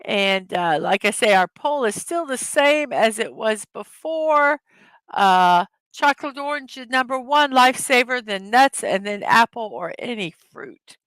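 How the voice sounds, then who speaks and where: A woman's voice: fairly high pitch, animated, a little slow, a bit bright, smooth, no room sound. Giggly woman hosting a livestream. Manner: giggly, reads chat jokes aloud. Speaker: livestream host. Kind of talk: casual livestream chat.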